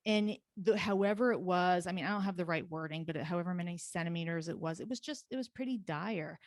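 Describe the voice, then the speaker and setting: A woman talking as a podcast guest, telling a personal story in a rapid, animated way and laughing often. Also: lowish voice, no room sound. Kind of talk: casual interview storytelling.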